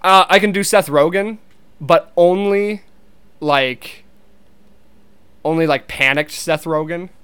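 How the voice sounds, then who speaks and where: Speaking slowly with frequent pauses, this young man has a slightly high, fairly bright, smooth voice. His casual, meandering monologue is full of cursing and false starts, and he's quick to laugh.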